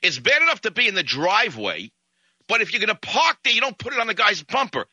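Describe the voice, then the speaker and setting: A man hosting a radio talk show, telling a story in an indignant, animated way. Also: sits high, fast talker, dry recording, dull audio.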